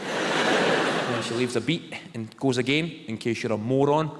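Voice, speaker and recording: A man's voice: medium pitch, a little slow, very noisy. A Scottish man performing stand-up, telling wry, self-mocking stories. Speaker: stand-up comedian. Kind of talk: stand-up routine. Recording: live hall with loud crowd.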